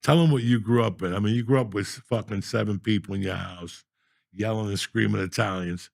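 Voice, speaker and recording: A man with a gravelly voice, talking bluntly and swearing heavily as a host. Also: on the low side, fairly even intonation, a little fast, darkish tone, no echo, studio quality. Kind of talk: casual profane chat.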